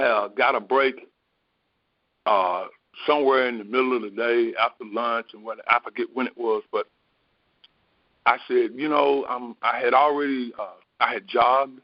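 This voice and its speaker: A man in the role of a spiritual teacher, telling a personal story in an unhurried, meandering way, often pausing on fillers. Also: medium pitch, no room sound. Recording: dry, dull lo-fi recording.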